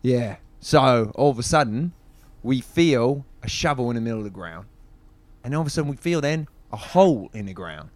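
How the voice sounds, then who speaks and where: A man playing a flustered neighbour who talks in a put-on British accent in an improvised comedy podcast, laughing and animated. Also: medium pitch, moderate pace, lightly acted.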